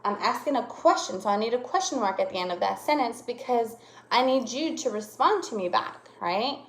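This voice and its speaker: A woman teacher giving a lesson to young children, speaking slowly and exaggerating her voice changes to demonstrate punctuation. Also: on the high side, lively intonation. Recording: echoey room.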